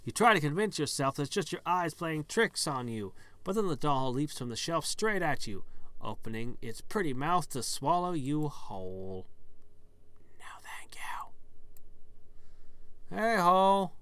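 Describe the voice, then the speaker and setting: A man's voice: fairly high pitch, expressive, moderate pace, fairly bright tone, no echo. Man reading game text with wry asides. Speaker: let's player. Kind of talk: casual gameplay commentary.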